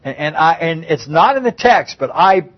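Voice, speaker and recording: A man's voice: fairly high pitch, animated, normal speed, highs cut off. A man preaching a conversational Bible-teaching sermon, often repeating and restarting his phrases.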